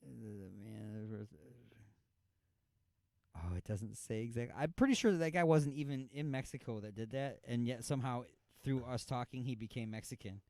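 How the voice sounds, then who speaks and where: A man's voice: mid-range voice, moderate pace, darkish tone, no room sound. A man co-hosting an internet radio show, chatting casually and joking around. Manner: joking, jumps between goofy accents. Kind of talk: casual podcast banter.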